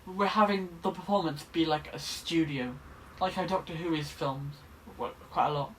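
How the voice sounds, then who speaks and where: A man's voice: on the high side, moderate pace, a bit bright, slight background noise. A young man, chatting casually to camera from his bedroom in a rambling, self-deprecating way. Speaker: vlogger.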